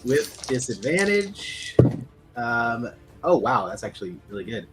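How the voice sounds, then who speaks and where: A man playing a tabletop game, calling his rolls in a relaxed, matter-of-fact way. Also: mid-range voice, unhurried, soft background music. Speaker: player. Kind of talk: casual tabletop play.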